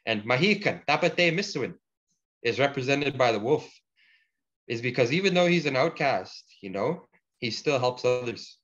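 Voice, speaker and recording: A man teaching a language class, patiently explaining word forms and repeating each example slowly for the learners. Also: mid-range voice, animated, a bit bright. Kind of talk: online language lesson. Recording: dull lo-fi audio.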